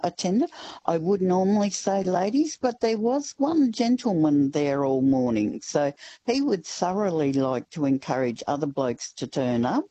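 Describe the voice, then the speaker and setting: A woman, a regional newspaper reporter, chatting relaxed on a radio interview with plenty of fillers. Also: lowish voice, no room sound, poor audio. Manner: relaxed, rambling, uses fillers.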